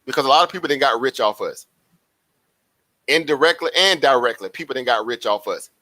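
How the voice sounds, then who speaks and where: A man chats to his livestream viewers. His voice is bright and forceful, and he is animated and preachy, repeating his phrases. The sound is dry and close. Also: medium pitch, fairly quick, no room sound. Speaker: livestream host. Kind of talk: casual livestream chat.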